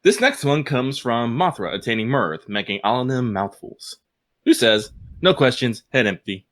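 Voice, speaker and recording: A man co-hosting a podcast, chatting casually and reading out listener mail in an animated way, laughing often. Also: mid-range voice, moderate pace. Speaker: podcast co-host.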